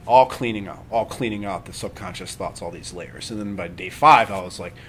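A man leading a live workshop on breathing and meditation, talking calmly and conversationally and often checking in with his listeners. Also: sits low, a little fast, slight background noise. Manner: calm, conversational, checks in with "right?".

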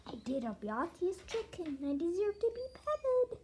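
A woman's voice: very high voice, big pitch swings, moderate pace, warm tone, slight background noise, pitched above the performer's own voice. A smug pet dog begging for pets, as a woman puts her on. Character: proud pet dog girl, begging for petting.

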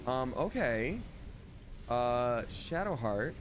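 A man's voice: mid-range voice, very animated, extremely slow, noisy background. A man streaming a video game with casual, playful commentary and silly asides. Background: game music.

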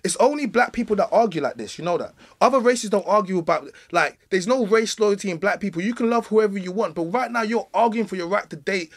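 A man's voice: high voice, lively intonation, quick pace, hardly any pauses. A man, arguing hard and cutting in during a podcast debate. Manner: argumentative, interrupting, repeats himself. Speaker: podcast co-host. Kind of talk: heated debate.

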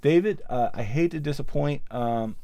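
A man's voice: medium pitch, normal speed, dark tone, dry recording. A man hosting a casual livestream, chatting and thinking aloud with many ums as he assembles gear and answers viewers. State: a little out of breath. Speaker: livestream host, sound mixer. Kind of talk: casual livestream chat while building gear.

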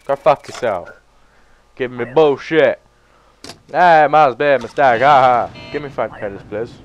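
Sweary man gaming, unhurried. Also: medium pitch, muffled recording, faint music behind. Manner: sweary, excitable, bursts into loud yelps. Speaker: gaming YouTuber. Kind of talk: let's play commentary.

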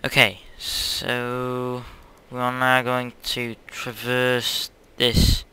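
A man's voice: mid-range voice, monotone, very slow, sharp tone, smooth. A young man hosting his own gaming channel, chatting casually over gameplay in a hyperactive, silly, rambling way.

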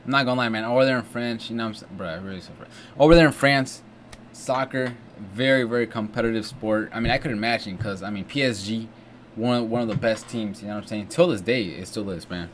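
With a fairly low voice and fast delivery, this young man from the United States reacts casually to a video, full of slang and exclamations. He keeps saying "bro" and "you know what I'm saying" over slight background noise and faint music from the clip.

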